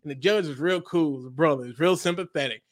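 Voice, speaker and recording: A man's voice: a little high, quick pace, no echo, studio quality. A man, a comedian, chatting in an interview and telling stories, acting out the voices in his jokes. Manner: animated storyteller acting out joke voices. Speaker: comedian guest. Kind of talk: casual interview chat.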